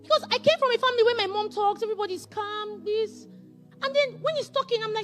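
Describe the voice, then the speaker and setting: High-voiced woman teaching on marriage. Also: quick pace, soft background music. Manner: animated storytelling, repetitive emphatic phrasing. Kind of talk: faith-based marriage teaching.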